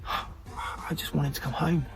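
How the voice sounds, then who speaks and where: A man's voice: fairly high pitch, fairly even intonation, unhurried, creaky, over music. A man voicing a strict, stern middle-aged father in a told story.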